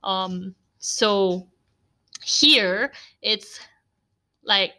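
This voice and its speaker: Bright-voiced Filipino woman chatting. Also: medium pitch, extremely slow. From Philippines. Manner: chatty and candid, frequent fillers and light laughs. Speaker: podcast host. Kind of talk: casual solo podcast talk.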